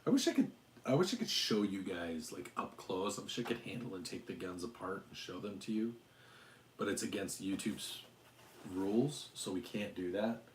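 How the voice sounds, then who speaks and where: A low-voiced man in his forties from Utah talks through a casual livestream chat. His speech wanders, halting on fillers and restarts. The sound carries a roomy echo with faint ambience behind it. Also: animated, a little hiss or hum. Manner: rambling, hesitant, many fillers and restarts. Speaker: channel host.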